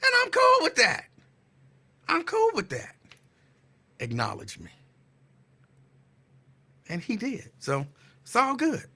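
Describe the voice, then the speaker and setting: A man hosts his podcast in an animated, profane call-out rant, circling back to the same jabs again and again. His pitch swings widely from phrase to phrase, and his tone stays bright and forceful. He takes his time and lets each line land slowly. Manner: animated, teasing, profane, repetitive. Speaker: podcast host.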